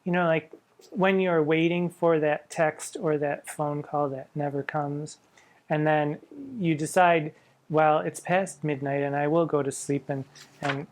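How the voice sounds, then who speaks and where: A man, a drag performer, giving casual spoken commentary on poetry in a musing way, reading verse lines aloud with relish and adding wry, self-mocking asides. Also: a little high.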